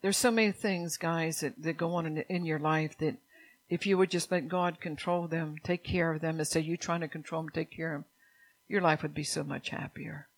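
Earnest woman preacher, soft to urgent. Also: fairly even intonation, fairly quick, low-quality recording. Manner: earnest preaching, sometimes soft and low, rising to urgent exhortation; addresses the congregation directly with "church" and "amen". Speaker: pastor. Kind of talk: sermon.

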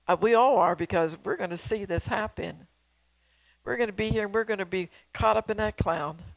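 A woman's voice: medium pitch, no echo, rough recording. An older woman preaching in a folksy, emphatic way, repeating phrases and asking her listeners questions. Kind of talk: sermon with prophecy.

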